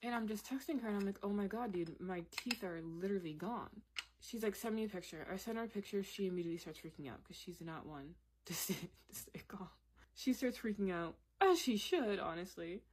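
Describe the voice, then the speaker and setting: A woman's voice: mid-range voice, fairly quick, a little mellow, a little hiss or hum. A woman in her twenties telling a candid story time in a casual, conversational way, laughing now and then.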